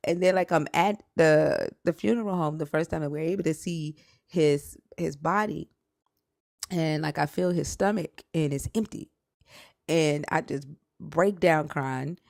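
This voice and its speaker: A woman with a deep voice and a gravelly edge recounts a painful story in casual, rambling talk. She is blunt and emotional and swears freely, circling back and restarting as she goes. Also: moderate pace, a little mellow, no echo, clean studio sound. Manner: rambling with restarts and quoted outbursts. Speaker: live stream guest.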